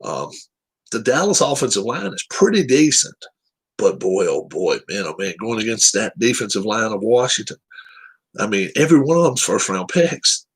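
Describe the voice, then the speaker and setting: Blunt, husky-voiced man talking football. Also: lowish voice, big pitch swings, moderate pace. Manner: blunt, profane, opinionated. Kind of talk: casual sports chat.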